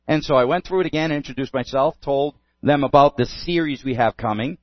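A man preaches and tells a story in an earnest, storytelling manner. His voice sits a little high. The recording is dull and dry, with no room echo. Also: fairly quick, few pauses. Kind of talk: sermon with storytelling.

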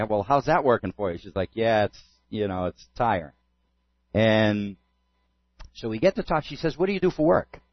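A man's voice: on the high side, no echo, lo-fi sound. A man, a pastor, telling a story in a sermon and acting out both sides of a conversation.

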